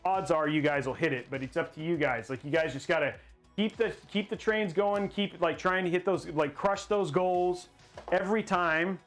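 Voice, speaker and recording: A man hosting a casual livestream while building a PC, excitable and rambling as he hypes the viewers' goals. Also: on the high side, moderate pace, soft background music.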